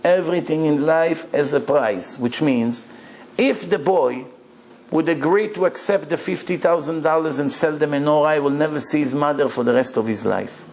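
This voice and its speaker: A man, a rabbi, giving an animated, emphatic storytelling sermon. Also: fairly high pitch, normal speed, a little hiss or hum.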